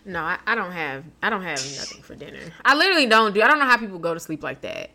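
A sleepy woman co-hosting a podcast, her tone bright and forward with a somewhat low pitch. She talks in relaxed, slangy casual chat. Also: quick pace. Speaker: podcast co-host.

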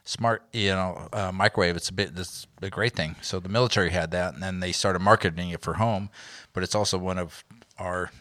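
A man's voice: deep voice, steady tone, brisk, fairly bright tone, no room sound. An older man, a guest on a casual podcast chat, who laughs at himself often and jokes about his age. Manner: self-mocking, laughs often.

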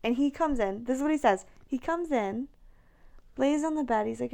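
Pregnant woman, 30s, casual co-host, gravelly voice, animated storyteller. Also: high-pitched, fairly quick. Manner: animated storytelling, acts out quotes, laughs often. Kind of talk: casual chat.

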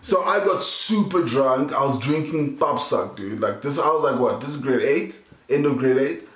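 A man's voice: mid-range voice, animated, normal speed. A young man with a South African accent, a podcast co-host telling stories in a laid-back, slangy way. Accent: South African English. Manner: laid-back slangy storytelling, lots of "like" and "dude". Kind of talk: casual storytelling chat. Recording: echoey room.

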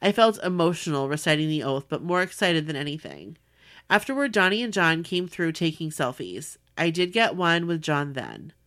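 A woman podcast host in casual chat, reading a listener's letter aloud with animated warmth. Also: low-pitched, moderate pace. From Southern California. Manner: warm, animated reading with laughs.

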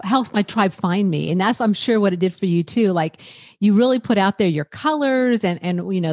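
A woman's voice: medium pitch, no room sound. Encouraging woman host, dry sound. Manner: warmly encouraging, quick affirmations and laughs. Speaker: podcast host. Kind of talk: casual interview chat.

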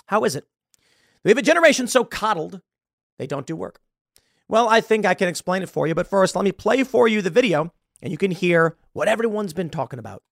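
A man's voice: high voice, animated, fairly quick, vocal fry, a bit bright, dry recording, studio quality. A man hosting an opinion commentary show, lecturing with a sarcastic edge. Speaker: political commentary host.

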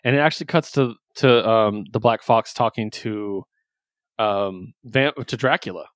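A man's voice: on the low side, measured pace, no room sound. A man hosting a casual podcast, recapping comic books with loose, enthusiastic chatter and the odd swear. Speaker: podcast host reviewing comics. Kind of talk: casual chat.

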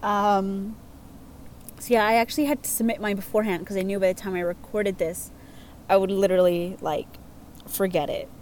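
Reading out listener stories in a relaxed chat, this young female host giggles often, talks freely, and leans on lots of fillers. Her mid-range voice is a little mellow, with fairly even intonation and a moderate pace, over slight background noise.

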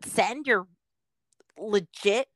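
A woman's voice: mid-range voice, very slow, fairly bright tone, dry recording. A woman from Southern California co-hosting a podcast, speaking bluntly and with lots of swearing in casual chat. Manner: profane, blunt, laughs along. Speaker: podcast co-host.

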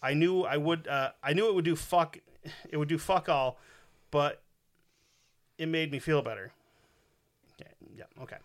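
A man's voice: fairly high pitch, normal speed, long pauses. A man hosting a casual podcast, reading out a listener's story in a crude, profane, joking way.

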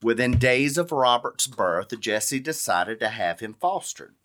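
A man co-hosting a podcast, telling a true-crime story in a slow, deliberate way with joking side remarks. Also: mid-range voice, lively intonation, fairly bright tone. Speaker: podcast co-host.

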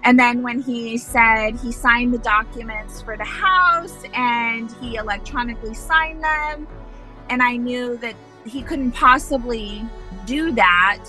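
Slow, bright-voiced woman speaking emphatically. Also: on the high side, faint music behind, low-quality recording. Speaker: friend giving commentary. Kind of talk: interview commentary.

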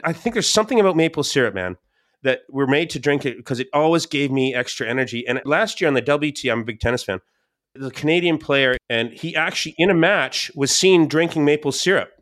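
A man, a podcast guest, telling stories in a casual, animated way, with many restarts. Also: mid-range voice. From Scottish and English family. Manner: animated, quotes people in raised voices, many restarts. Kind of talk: casual storytelling.

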